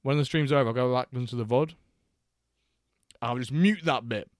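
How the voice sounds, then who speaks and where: A man's voice: medium pitch, brisk, no room sound, clean studio sound. A man hosting a live watchalong stream, reading chat aloud and bantering with a jokey, laughing manner.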